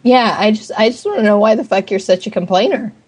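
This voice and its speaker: A woman's voice: mid-range voice, expressive, fast, darkish tone, slightly rough. A woman making a prank phone call as a phone company rep, brash, abrupt and profane.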